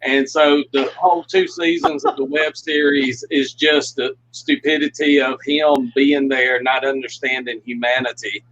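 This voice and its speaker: A man's voice: medium pitch, animated, unhurried, few pauses, fairly bright tone, a little hiss or hum. Folksy man telling stories, muffled audio. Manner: folksy storyteller, laughs often. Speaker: guest puppeteer. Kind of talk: casual livestream chat, storytelling.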